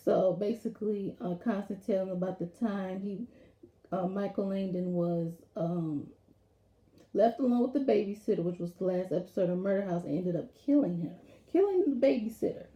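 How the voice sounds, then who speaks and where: A woman casually recapping a TV episode in a rambling, animated way, acting out lines from it as she goes. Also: mid-range voice, moderate pace. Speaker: TV episode reviewer. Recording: roomy echo.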